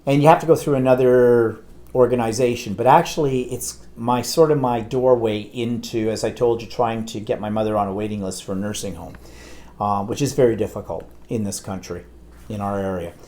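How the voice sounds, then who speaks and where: A man's voice: lowish voice, steady tone, a little fast, mellow. A man, co-hosting a live talk show and telling a long, exasperated anecdote in casual chat. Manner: rambling anecdotal storyteller, exasperated. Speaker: co-host.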